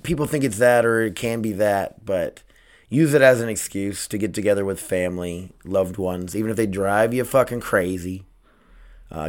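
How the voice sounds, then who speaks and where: A young man hosting a casual solo podcast from home, rambling and swearing casually, close to the mic. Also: fairly low pitch. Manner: rambling, swears casually, self-talk asides. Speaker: podcast host. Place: home, dogs nearby. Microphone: close microphone.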